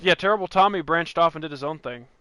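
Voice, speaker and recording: A man's voice: fairly high pitch, fast, bright, forceful tone, clean tone, dry recording. A young man hosting a gaming channel, chatting casually while he plays, rambling and laughing often as he restarts his sentences. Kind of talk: casual let's-play chat.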